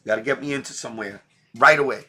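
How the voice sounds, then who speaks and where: A middle-aged New Yorker hosts a livestream, talking emotionally, bluntly and in heavy street slang. His medium-pitched voice sounds pushed and bright, and he speaks very fast.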